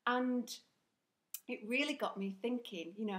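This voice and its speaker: A woman's voice: a little high, a little slow, fairly bright tone. A woman with a strong Northern English accent, talking through her thoughts in a candid, chatty monologue. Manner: chatty, candid, self-conscious. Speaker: speaker sharing personal reflections. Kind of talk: casual reflective monologue.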